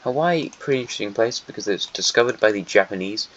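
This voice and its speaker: Man, casual map commentary, rambling, self-correcting, wry, low-pitched, dull lo-fi recording. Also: lively intonation, fast talker, fairly bright tone, a little hiss or hum. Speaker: host. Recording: dull lo-fi sound.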